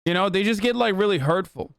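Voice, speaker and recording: A male livestreamer rambles through casual chat, loose and profane and full of fillers. His voice sits a little high for a man and comes across smooth and resonant. The recording is dry and close. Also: animated, fast, dry recording.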